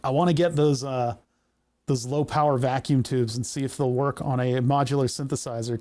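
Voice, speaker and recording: A man's voice: on the high side, warm tone. A man streaming while he builds electronics, thinking aloud in a rambling, jokey way as he works through each technical step. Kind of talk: casual live-stream chat while working.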